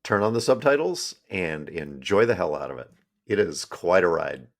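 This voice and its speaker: A podcast co-host chats casually and cracks jokes, often trailing off into fillers. His voice sits low with a sing-song lilt, and he talks at a normal speed.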